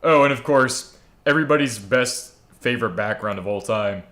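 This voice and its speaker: A man's voice: mid-range voice, moderate pace, a bit bright. A man casually chatting on a live stream, joking around and reading viewer comments aloud while he builds a server. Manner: joking, rambling, reads chat aloud.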